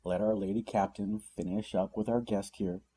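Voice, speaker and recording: A man's voice: fairly low pitch, fairly even intonation, normal speed, dark tone, husky. A man voicing a pale, elegant young man who teases dryly in a storybook reading. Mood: dry teasing.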